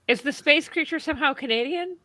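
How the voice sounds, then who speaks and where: A woman's voice: sits high, a little fast, bright, forceful tone, no room sound. A woman playing in a tabletop game, quippy and joking in casual chat. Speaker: player.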